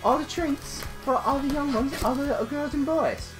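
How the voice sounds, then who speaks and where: A woman doing a deliberately terrible, over-the-top British accent as a chirpy put-on character. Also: on the high side, huge pitch swings, loud music behind the voice, voice pushed up. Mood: hammy.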